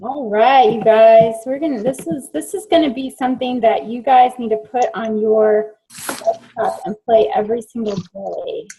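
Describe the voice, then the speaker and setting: A woman's voice: a little high, moderate pace, dark tone, a little hiss or hum, poor audio. A woman hosting an online session over a video call, chatting casually and fumbling a little while she shares her screen. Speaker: webinar host. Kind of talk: casual chat.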